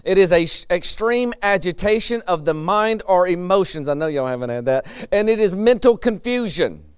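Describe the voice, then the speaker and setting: A man's voice: sits high, lively intonation, moderate pace, clean tone, no room sound, clean studio sound. A middle-aged man preaching a sermon in a conversational way, chuckling between his points.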